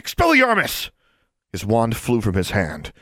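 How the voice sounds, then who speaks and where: A man narrating an audiobook in an even, measured storytelling manner. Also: deep voice, dry recording, studio quality.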